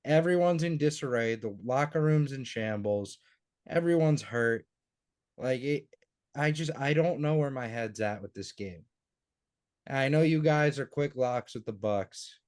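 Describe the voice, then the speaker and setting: Podcast co-host: young guy, casual and rambling, curses a lot, mid-pitched. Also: unhurried, a little mellow. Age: young adult. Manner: rambling, swears freely, hypes up the group. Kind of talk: casual sports betting chat.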